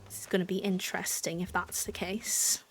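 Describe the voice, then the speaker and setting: A young woman streaming a life-sim game, chatting casually and bubbly, thanking viewers and sometimes dropping to a soft whisper. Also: on the low side, little pitch movement, normal speed, faint music behind. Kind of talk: casual live-stream chat while gaming.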